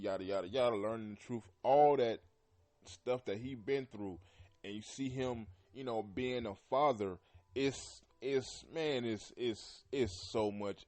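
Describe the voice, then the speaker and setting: A man hosting a podcast, talking loosely about an anime with lots of fillers and frequent throat clearing. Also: lowish voice, a little mellow. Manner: loose and rambling, heavy with "you know" and "man"; often clears his throat. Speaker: podcast host. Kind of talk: casual anime commentary.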